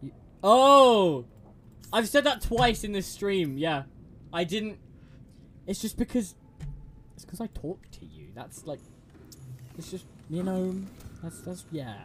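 A man's voice: high-pitched, very animated, measured pace, long pauses, a little hiss or hum. A young man streaming a game, chatting to a friend, giggling and stumbling over restarts. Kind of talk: casual gameplay chat with a friend.

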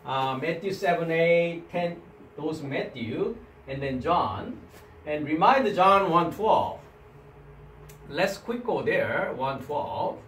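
A man's voice: a little high, lively intonation, slow pace, fairly bright tone. A man with a Korean accent teaching a Greek language class in non-native English, checking with students by asking "right?". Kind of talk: classroom lecture. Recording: echoey room, mic at a distance, faint background noise.

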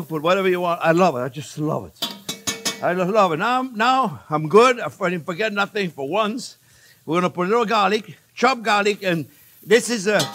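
A man's voice: sits high, fairly bright tone, slight background noise. An older man hosting a cooking show, chatting and joking with his viewers as he demonstrates a recipe in a kitchen. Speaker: chef and cooking show host. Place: home kitchen.

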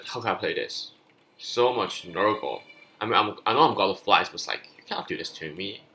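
A man doing live gameplay commentary as a gaming youtuber, excitable and swinging from frustrated yelling to low muttering. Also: fairly quick.

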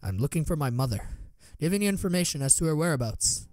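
Earnest young Jedi apprentice, read by a man, brash edge, lively pitch. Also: quick pace, no echo. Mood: stern.

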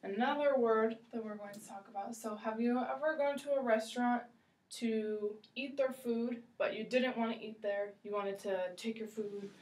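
A woman teaching English, slow and encouraging, repeating phrases for a learner. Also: on the high side, fairly even intonation, darkish tone, far from the mic. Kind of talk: ESL role-play lesson. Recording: echoey room, voice from afar.

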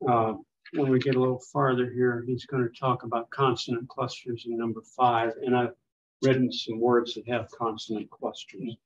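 A man's voice: medium pitch, flat delivery, moderate pace, a little hiss or hum. A man leading a small class in biblical Greek, patiently explaining and pronouncing words for students to repeat. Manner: patient, explains with fillers and restarts. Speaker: Greek teacher. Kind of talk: classroom teaching. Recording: dull lo-fi classroom recording.

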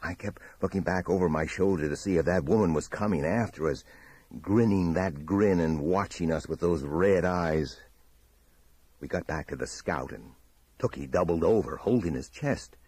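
A man reading a horror audiobook in a measured, dramatic storytelling manner. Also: low-pitched, darkish tone, slightly rough, no room sound. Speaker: audiobook narrator. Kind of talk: scripted horror narration.

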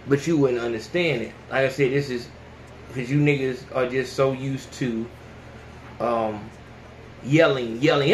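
A man hosting a podcast, ranting casually and with plenty of profanity, who often jumps into high yelling voices to mimic people. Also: steady tone, moderate pace, echoey room, slight background noise. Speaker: podcast host. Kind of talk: casual opinion rant.

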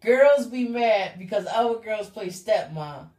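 A woman with a Philadelphia accent hosting a live call-in talk show, loud and hyped, shouting to her callers. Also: mid-range voice, animated, a little slow, echoey room. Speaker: radio talk show host.

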